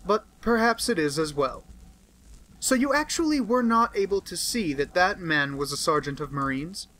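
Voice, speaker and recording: A man voicing an aloof, brusque male detective in an audiobook, speaking in a crisp, lecturing manner. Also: sits high, animated, normal speed, bright, forceful tone, poor audio. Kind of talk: audiobook character reading.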